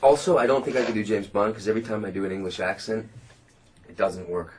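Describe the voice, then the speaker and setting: A man's voice: on the low side, fast talker, slight background noise. A Canadian man answering interview questions in a joking, self-mocking, rambling way. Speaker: interview guest. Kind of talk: playful interview chat.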